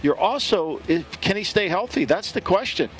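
A man's voice: sits high, expressive, normal speed. A man co-hosting a sports show, talking loosely and restarting his sentences as he thinks. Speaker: show co-host. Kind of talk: casual sports talk.

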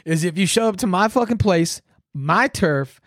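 A man's voice: high-pitched, lively intonation, normal speed, a bit bright, no room sound, studio quality. A man hosting a podcast alone, ranting in a profane, rambling, sarcastic way. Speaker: podcast host. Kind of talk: solo ranting commentary.

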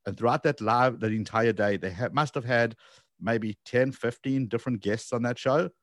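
A man's voice: mid-range voice, moderate pace, no echo, clean studio sound. A man hosting an interview who agrees with his guest and tells stories from his own experience. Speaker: interview host. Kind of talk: conversational interview.

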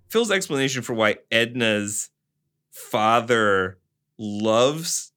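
Low-voiced man reading noir with music. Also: normal speed. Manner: laughs often, says "like" often in chat, steady when reading. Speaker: podcast co-host reading a crime novel aloud. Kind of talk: casual book chat and first-person noir reading.

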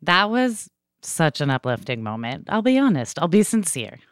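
A woman's voice: low-pitched, big pitch swings, normal speed, noisy background. A woman co-hosting a podcast, frank and joking, swearing casually as she chats. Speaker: podcast co-host. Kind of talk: casual chat.

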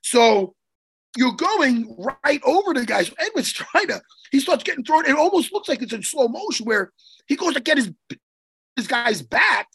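A man co-hosting a chat show, telling a story in an excitable, profane way with lots of restarts. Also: extremely high pitch, normal speed, breathy edge. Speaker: podcast co-host and martial arts coach. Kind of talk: casual chat, animated storytelling.

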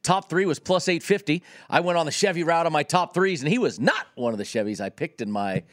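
Jokey West Coast man, slightly high voice. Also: brisk. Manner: animated, jokey, stumbles and restarts. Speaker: podcast co-host. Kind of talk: casual sports-betting chat.

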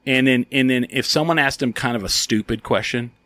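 A man's voice: medium pitch, fairly quick, bright, forceful tone, no room sound. A man co-hosting a casual chat, telling a story with lots of swearing and acted-out quotes. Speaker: podcast co-host.

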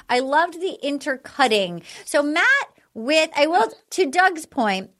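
A woman's voice: sits high, expressive, moderate pace, few pauses, a bit bright. A woman chatting casually as a podcast host, recapping a dating show and acting out quotes in mocking voices.

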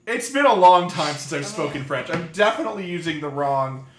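A playful man on a podcast, chatting casually and laughing often. His pitch sits a little high and swings widely as he talks. The room is echoey, with a faint hiss underneath. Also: lively intonation, fairly quick. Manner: playful, laughs often, tries out rusty French. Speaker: podcast panelist. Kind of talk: casual chat.

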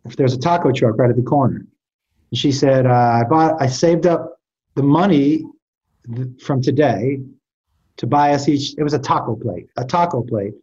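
A man's voice: mid-range voice, normal speed, a little mellow, highs cut off. A man in casual conversation, telling stories animatedly with frequent restarts and stammers. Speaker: podcast guest. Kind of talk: storytelling in casual chat.

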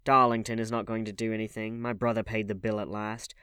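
A man voicing a listless, worn-out young man who speaks flatly and wearily. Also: on the low side, fairly quick, clear, resonant tone, dry recording, clean studio sound. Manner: flat, listless delivery. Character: listless, weary young man, ruined and numb.

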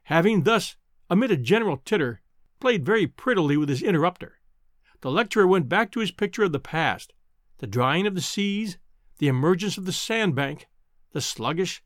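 A man narrating a classic novel aloud in a measured, expressive way. His voice sits a little high and swings widely in pitch. The recording is dry and close, with no room sound. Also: no echo. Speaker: audiobook narrator.

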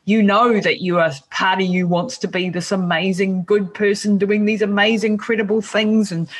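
A woman's voice: mid-range voice, steady tone, normal speed, husky. A woman hosting a podcast, chatting casually and encouragingly, often laughing and acting out inner voices. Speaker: podcast host.

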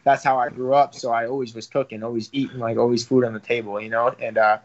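A man's voice: medium pitch, little pitch movement, fast. A young man, a professional fighter talking casually in an interview, rambling with lots of fillers and some swearing. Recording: slightly dull lo-fi audio.

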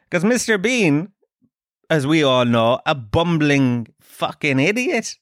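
A man's voice: on the high side, sing-song, slow, no echo, studio quality. A middle-aged Irish man from Dublin hosting a podcast, telling self-mocking comic stories full of swearing. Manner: sweary, self-mocking storytelling with put-on voices. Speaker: podcast host. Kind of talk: comic monologue.

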